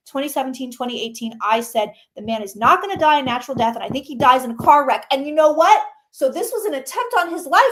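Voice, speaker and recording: High-voiced excitable woman psychic. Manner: excitable, chatty, greets viewers, mild swearing. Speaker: psychic reading tarot on a livestream. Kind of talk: casual live tarot reading.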